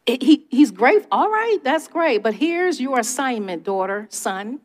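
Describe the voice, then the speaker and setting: Speaking slowly in a high voice with big swings in pitch, a middle-aged woman preaches a conversational sermon. She testifies with emphasis and addresses her audience head-on.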